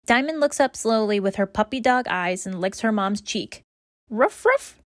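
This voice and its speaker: A woman reading aloud children's stories in a bright, expressive, rhythmic way. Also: medium pitch, normal speed, no room sound, clean studio sound. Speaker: children's story reader. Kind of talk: read-aloud storytelling.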